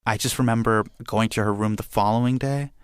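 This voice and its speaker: A young adult man telling a personal story in an animated way, acting out the voices of his family. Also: lowish voice, a little fast, smooth, no room sound, studio quality.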